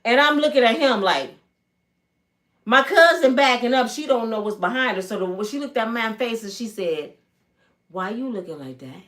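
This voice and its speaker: Her voice sits on the high side and moves at a moderate pace as this fifty-something Michigan woman tells a personal story for her vlog. She's casual, emphatic and animated, putting on voices for the people in it.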